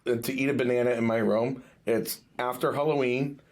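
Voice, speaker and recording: A man hosting a fishing podcast, telling stories in an animated, casual way with salty language. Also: mid-range voice, a little fast. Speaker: podcast host and fishing guide. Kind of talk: casual chat.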